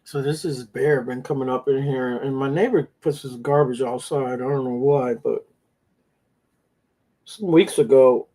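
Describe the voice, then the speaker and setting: Unhurried and fairly even in intonation, a man with a warm mid-range voice hosts a casual talk show. He tells long, meandering stories laced with swearing, and the recording quality is low.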